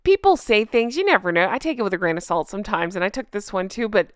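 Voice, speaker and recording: Smooth-voiced woman with a mocking commentary. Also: medium pitch, very animated, fast talker, few pauses, fairly bright tone, no room sound, studio quality. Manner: mocking and sarcastic, often laughing; asks viewers direct questions. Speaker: channel host reacting to online comments. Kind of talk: casual commentary, reading comments aloud.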